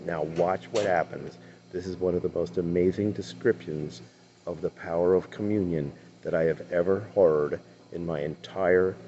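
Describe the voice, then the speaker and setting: A man with a very deep voice talks slowly and earnestly, retelling the story in his own words. The recording sounds dull and lo-fi. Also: mellow. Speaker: online commentator. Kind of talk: commentary on a played clip.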